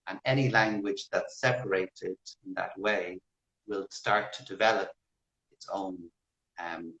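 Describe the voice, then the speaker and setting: An Irish man with a deep, low voice speaks as an interview guest. He talks in a measured way and demonstrates pronunciations as he explains. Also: steady tone, a bit bright, highs cut off. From Ireland. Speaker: guest language expert. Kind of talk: casual interview explaining accents.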